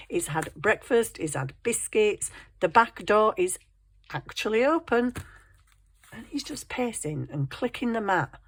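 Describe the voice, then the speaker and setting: A woman's voice: mid-range voice, animated, measured pace. A woman with a scratchy throat, chatting casually about her crafting project and now and then addressing her cat. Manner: chatty, self-deprecating, talks to her cat. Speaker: crafting vlogger. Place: home craft desk.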